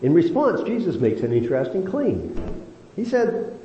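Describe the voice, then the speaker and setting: A man teaching a Bible study, lively and animated, leaning on slow emphatic stretches. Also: high-pitched. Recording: roomy, dull lo-fi sound with faint noise.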